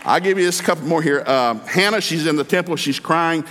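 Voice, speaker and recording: A man's voice: a little high, brisk, fairly bright tone. A man preaching a sermon in a folksy, humorous, emphatic way, acting out the dialogue of his stories. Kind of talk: lively sermon with storytelling. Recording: long hall reverb.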